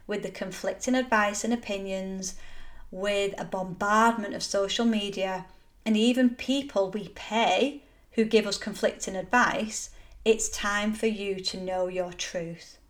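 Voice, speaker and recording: A woman's voice: mid-range voice, fairly even intonation, unhurried. Earnest woman hosting a motivational podcast. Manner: earnest, encouraging, emphatic. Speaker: podcast host. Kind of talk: solo motivational podcast talk.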